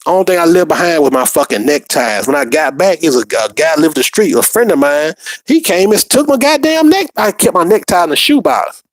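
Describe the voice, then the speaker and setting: A man tells profane, animated stories in casual talk. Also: a little high, a little fast, no room sound. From Alabama. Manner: profane, animated, repetitive restarts. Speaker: podcast storyteller.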